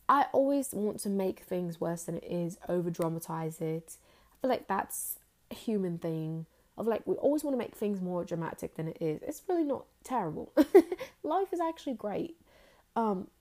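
A woman's voice: on the low side, mellow. A woman vlogger and teacher chatting to viewers in a put-on British accent, rambling with lots of fillers. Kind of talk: casual chat to viewers.

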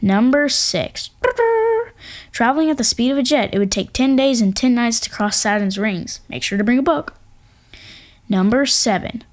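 A woman's voice: fairly high pitch, moderate pace, faint music behind. Playful woman hosting an astronomy talk. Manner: playful, jokey asides, hums drum rolls. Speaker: podcast host. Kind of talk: casual educational narration. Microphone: home microphone.

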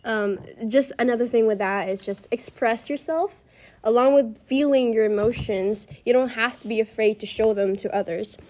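A young woman hosting a casual chat, calmly giving advice and passing the turn to a guest. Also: a little high, normal speed. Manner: calm, gives advice, passes the turn.

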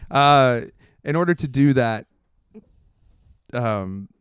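A man's voice: mid-range voice, lively intonation, slow pace, clean tone, no echo. A man who is a comedian, chatting casually on a podcast, thinking aloud in long winding sentences with fillers.

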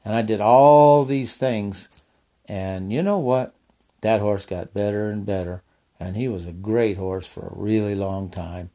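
A man's voice: lowish voice, unhurried, mellow. A man casually telling a personal story in a folksy, rambling way with restarts and asides.

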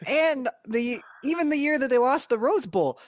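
A woman's voice: sits high, expressive, moderate pace, dry recording, studio quality. A woman co-hosting a casual sports podcast, wry and sarcastic, swearing offhandedly. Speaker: podcast co-host.

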